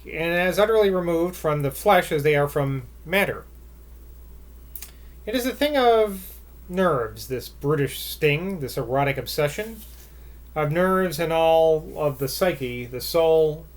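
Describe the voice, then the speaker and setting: A man with a slightly high voice reads an old novel aloud, building the dramatic lines with rising emphasis. Between passages he drops into wry, offhand asides to his listeners. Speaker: audiobook reader.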